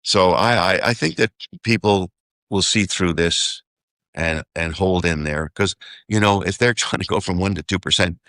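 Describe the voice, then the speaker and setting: A man's voice: low voice, normal speed, a bit bright, no room sound, clean studio sound. A man speaking as an investor guest in a casual interview, rambling, working out sums aloud and often checking "okay?".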